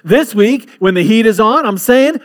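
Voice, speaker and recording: A man's voice: high-pitched, animated, moderate pace. A male pastor preaching a sermon, building emphasis with repeated phrases.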